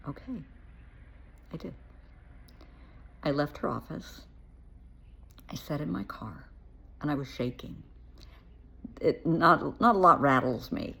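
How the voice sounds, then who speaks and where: A woman's voice: low-pitched, lively intonation, slow pace, gravelly, pauses often, bright, forceful tone, husky. A woman who works as a therapist, telling her own story in a frank, blunt way with dry asides. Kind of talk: personal storytelling to camera.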